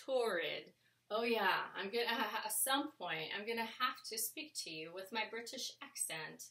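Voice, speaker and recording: Woman reseller, unhurried and rambling, crisp bright tone, recorded from a little way off in a roomy space. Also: mid-range voice. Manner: chatty and rambling, with many fillers. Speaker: clothing reseller showing a thrift haul. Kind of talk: casual vlog chat. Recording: echoey room, mic at a distance.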